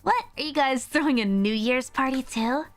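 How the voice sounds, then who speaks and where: A woman voicing casual young female bar patrons in a video game, reading their lines aloud in a slow, breezy way. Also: high voice, no echo, soft background music, pitched above the performer's own voice, close to an everyday voice.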